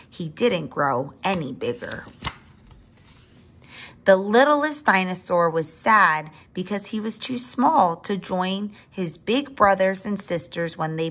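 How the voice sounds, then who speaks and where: Expressive woman reading a children's story. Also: fairly low pitch. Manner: expressive, with asides to young listeners. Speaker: reader. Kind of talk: children's story read-aloud.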